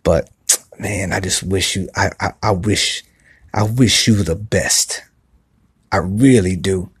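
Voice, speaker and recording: Man podcaster, husky and low, speaking softly into a phone outdoors, earnest and repetitive. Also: takes it slowly, dry recording, studio quality. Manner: earnest, repetitive, restarts often. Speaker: podcast host. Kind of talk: casual motivational talk. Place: outdoor patio by a pool at night.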